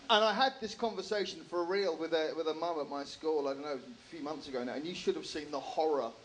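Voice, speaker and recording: An English man in his thirties does stand-up with a dry, self-mocking delivery. He talks slowly and deliberately, his voice sitting a little high for a man. Faint room noise from the venue sits under his voice. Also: fairly bright tone, rough recording. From England. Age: 30s. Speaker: stand-up comedian. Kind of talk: stand-up comedy set. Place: comedy club stage with a live audience.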